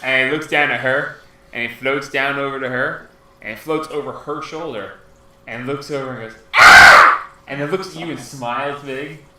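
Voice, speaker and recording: A man running a tabletop game as game master, narrating with animated, playful storytelling. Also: mid-range voice, normal speed. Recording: echoey room, far from mic, noisy.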